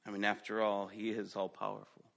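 A man preaching a sermon who asks the congregation direct questions and moves between loud emphatic stretches and quiet ones. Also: lowish voice, monotone, fairly quick, vocal fry. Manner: dynamic preaching, rising loud then dropping to quiet. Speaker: pastor.

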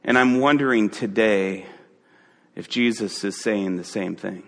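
A man preaching a sermon, telling a Bible story vividly with dramatic pauses. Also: lowish voice, gravelly, in a large hall.

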